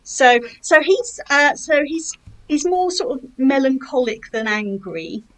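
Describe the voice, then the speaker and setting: A woman's voice: sits high, measured pace, poor audio. A woman poet in a casual chat about her writing, talking hesitantly with many fillers. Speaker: poet and author.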